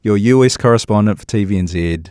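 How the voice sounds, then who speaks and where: A New man hosting a podcast interview, relaxed and encouraging with his guest. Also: fairly low pitch, fast, clear, resonant tone, dry recording, studio quality. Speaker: podcast host. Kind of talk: casual interview.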